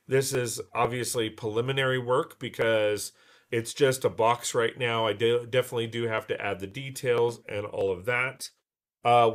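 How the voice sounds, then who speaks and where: A man hosts a casual livestream, talking loosely and filling pauses with ums and uhs. His voice has a bright, forward edge, roughened slightly by a recent illness. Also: mid-range voice. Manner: chatty, loose, full of fillers and restarts. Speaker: livestream host.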